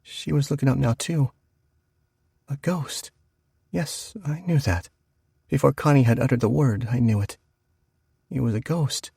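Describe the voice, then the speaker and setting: A man narrating a horror audiobook, slowing down for the tense moments. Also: mid-range voice, gravelly, mellow, husky, dry recording, clean studio sound.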